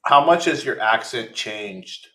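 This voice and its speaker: Low bright man in an echoey room. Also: lively intonation. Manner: eager, quick to interject with questions. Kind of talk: casual chat. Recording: roomy echo.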